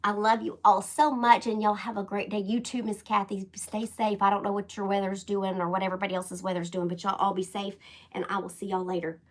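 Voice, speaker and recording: A middle-aged woman from Oklahoma with a light Oklahoma twang, chatting folksily with her viewers as she shows a craft project and thinks out loud. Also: medium pitch, little pitch movement, fairly quick. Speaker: crafting livestream host. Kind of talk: casual craft tutorial chat.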